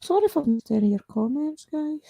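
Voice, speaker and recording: A woman's voice: high voice, very animated, fast talker, vocal fry, warm tone. A Scottish woman hosting a paranormal live stream from home at night, chatting casually with her viewers, laughing often and greeting them by name.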